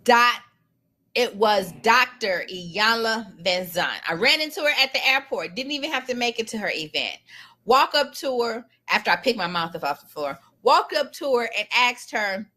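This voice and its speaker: A middle-aged woman tells a personal story with animated, emphatic energy. Her voice sits a little high and rings bright and forceful. She talks in a loose, colloquial way, leaning hard on the key points. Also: normal speed. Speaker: lawyer telling a personal story.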